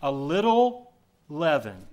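A man preaching a sermon as pastor, telling a story with animated swings between loud emphasis and hushed asides. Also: on the high side, slow.

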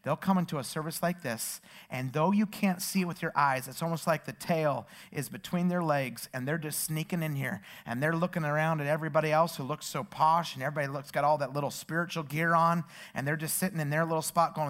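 A man's voice: fairly high pitch, steady tone, brisk, few pauses. A man, a pastor, preaching a sermon with stories and rising emphatic passages. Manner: storytelling, building to loud emphatic preaching.

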